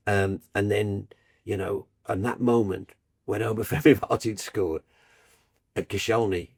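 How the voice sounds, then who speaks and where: Older man, football broadcaster, animated anecdotes, slightly low voice, acts out voices. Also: unhurried, slightly rough. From Birmingham, England. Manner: animated storyteller, acts out voices in his tales. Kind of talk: anecdotal podcast chat.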